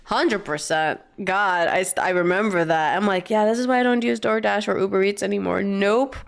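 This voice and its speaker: Smooth-voiced woman streamer chatting. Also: mid-range voice, normal speed. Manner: rambling, swears casually, excitable bursts. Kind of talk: casual reaction-stream chat.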